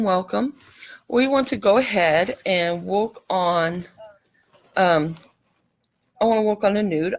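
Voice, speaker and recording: A woman's voice with a creaky, gravelly texture, talking casually through a live craft tutorial. She is chatty and apologetic and welcomes viewers by name as they arrive. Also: medium pitch, low-quality recording. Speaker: craft channel host.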